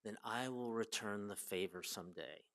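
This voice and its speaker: A small frightened mouse pleads for its life, earnest and begging, as a man puts him on while telling a children's fable. The voice sits low and soft. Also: normal speed. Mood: pleading.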